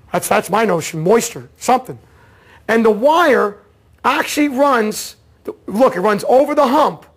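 A man teaching an automotive diagnostics seminar, telling a case story in a casual, excitable way and acting out the dialogue. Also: extremely high pitch, husky. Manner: casual slangy talk, repeats words. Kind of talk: seminar lecture.

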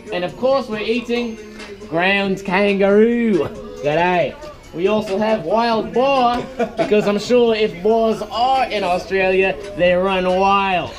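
High-voiced joking young man vlogging. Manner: goofy, swears, laughs a lot. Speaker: vlog host. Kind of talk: joking casual vlog.

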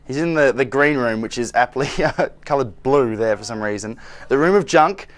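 A man's voice: mid-range voice, animated, brisk. A young man hosting a studio scavenger hunt, teasing his co-host and laughing often. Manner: teasing, laughs often, shouts jokey orders. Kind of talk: playful studio banter. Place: TV studio and offices.

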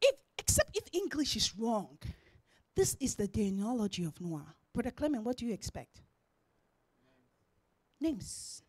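High, animated woman preacher. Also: unhurried, pauses often, no echo. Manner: swings from shouting to near-whispers. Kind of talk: sermon. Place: church.

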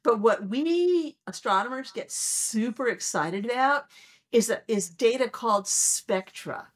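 Animated woman in her sixties, slightly high. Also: unhurried. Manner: animated storyteller who acts out her own excited reactions. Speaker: planetary astronomer, interview guest. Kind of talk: conversational interview.

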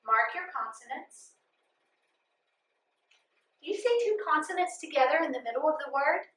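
A woman's voice: high voice, animated, normal speed, fairly bright tone, far from the mic. A woman teaching a children's phonics lesson, patiently sounding out syllables and giving step-by-step instructions. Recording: echoey room, voice from off mic.

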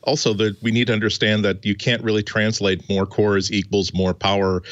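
A man on a tech panel, explaining a point in a measured way. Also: fairly low pitch, flat delivery, no room sound, dull audio. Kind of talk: casual tech panel chat.

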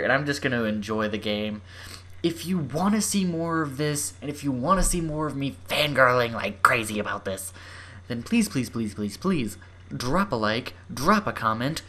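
A young adult gaming YouTuber giving excitable let's-play commentary, gushing and swinging from squeals to murmurs. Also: medium pitch.

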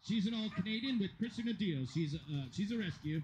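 This dog agility event commentator talks fast, with lively intonation and a high but darkish voice, plus a little hiss or hum. His live commentary wanders, full of jokes and self-deprecating asides.

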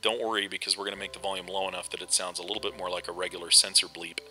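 Talking very fast in a deep, level voice that's pushed and bright, a middle-aged host chats casually over gameplay. His game commentary rambles with lots of fillers and restarts, and the audio is poor.

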